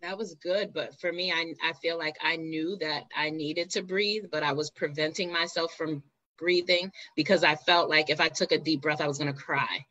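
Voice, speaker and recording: A woman hosting a live interview talks in a reflective, halting way, stopping to find her words. Her voice is bright and forward, and the sound is dry and close. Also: low voice, steady tone, no room sound, lo-fi sound. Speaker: host.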